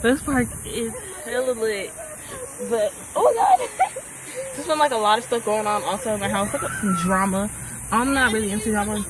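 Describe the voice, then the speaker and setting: A woman vlogging on a handheld camera at an outdoor park, chatting in a slangy, excitable way. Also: medium pitch, fairly quick, crowd noise. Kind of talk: casual vlog chat. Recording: outdoor noise behind.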